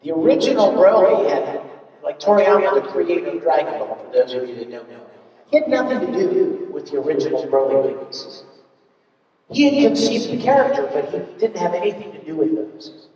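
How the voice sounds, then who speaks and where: A man talking on a convention panel, chatty and animated as he tells stories. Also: high-pitched, brisk. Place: large convention hall. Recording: echoey hall from far off, muffled.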